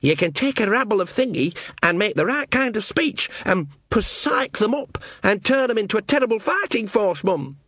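A man's voice: sits high, sing-song, moderate pace, hardly any pauses, fairly bright tone, no echo, pitched above the performer's own voice, exaggerated voice. A man voicing an anxious young male guard, near tears and pleading with his mother. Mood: eager. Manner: pleading, breathless, repeats "Mum".

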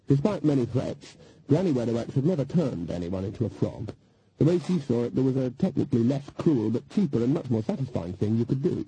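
A man reading an audiobook in scripted narration, with a wry, measured storytelling manner. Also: mid-range voice, sing-song, dark tone, husky, low-quality recording.

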